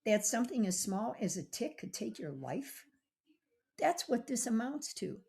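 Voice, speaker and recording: Woman health show host, kinda high voice, gravelly, dramatic and urgent. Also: big pitch swings, measured pace, a little mellow. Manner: dramatic, urgent, rhetorical questions. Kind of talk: emphatic health talk.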